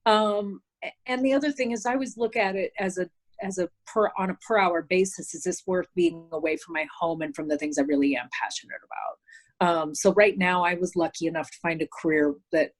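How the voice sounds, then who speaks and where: Guest speaker, woman, slightly low voice, candid chatty delivery over a video call. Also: animated, brisk. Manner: candid, chatty, frequent restarts.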